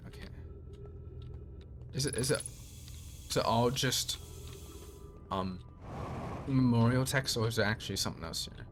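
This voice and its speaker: A young man playing a game blind, thinking aloud and reading its lore text in a measured voice. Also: mid-range voice, fairly bright tone, faint music behind. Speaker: let's play streamer.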